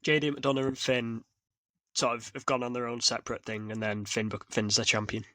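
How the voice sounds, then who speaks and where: Guy rambling excitedly on a podcast, keeps restarting sentences, dry mic. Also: mid-range voice, a little fast, dry recording. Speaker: podcast co-host. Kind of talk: casual chat.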